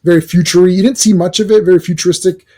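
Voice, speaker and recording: A man's voice: high voice, fairly even intonation, racing, dark tone, slightly rough. A man giving a casual, rambling review rant, exasperated, with many fillers and restarts. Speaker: video reviewer.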